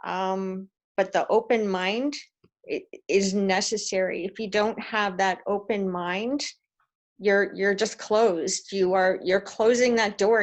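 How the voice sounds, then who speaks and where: A woman from Canada in a casual group video call, telling stories animatedly and acting out quoted voices. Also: medium pitch. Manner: animated storyteller, acts out quotes. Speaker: discussion participant.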